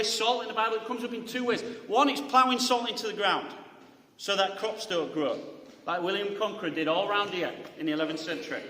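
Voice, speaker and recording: In an echoey church hall with long reverb, a pastor gives a conversational sermon, restarting phrases and frequently asking the congregation "right?" His voice sits high and sounds pushed and bright.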